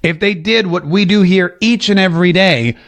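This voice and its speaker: A man talks through a political commentary podcast in a fairly high voice. He is emphatic and drives home his points by repeating phrases. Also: moderate pace, a bit bright. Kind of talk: opinionated podcast monologue. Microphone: seated at a desk mic.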